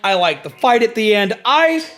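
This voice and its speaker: Faint music plays behind a male streamer who rants with animated profanity through casual gaming commentary. His high voice has a bright, sharp edge and a sing-song quality, swinging widely in pitch at a moderate pace.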